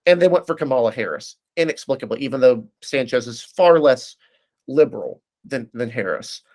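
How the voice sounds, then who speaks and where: A man speaking as a guest analyst in a casual political discussion, breaking down races quickly and often restarting his sentences. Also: mid-range voice, lively intonation, darkish tone. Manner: fast, analytical, frequent restarts.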